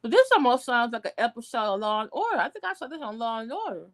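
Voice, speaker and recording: A woman vlogger giving casual livestream commentary, blunt, outraged and profane, with sudden high outbursts. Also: sing-song, fast.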